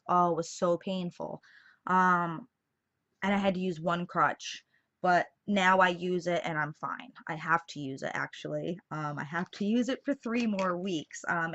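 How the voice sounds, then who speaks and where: A woman's voice: lowish voice, fairly bright tone. Chatty young woman, dull lo-fi sound. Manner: chatty storytelling, many fillers, laughs through it. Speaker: vlogger. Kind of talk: casual vlog chat to camera.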